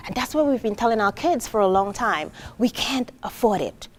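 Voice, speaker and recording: A woman from Trinidad giving a live motivational talk to an audience, animated, acting out quoted voices and asking the room questions. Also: on the high side, normal speed, a little hiss or hum. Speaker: motivational speaker.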